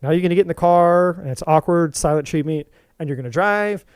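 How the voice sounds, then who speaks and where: A man hosting a spiritual talk to camera, telling an animated story, swearing freely, and often restarting his sentences. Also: on the high side, a little fast, smooth, no room sound. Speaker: tarot reader and spiritual channel host.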